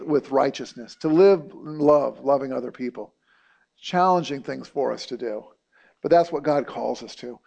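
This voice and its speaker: Middle-aged guy preaching, chatty sermon style, kinda high voice, lots of um and you know. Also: gravelly, darkish tone. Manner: conversational, many fillers and restarts. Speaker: pastor.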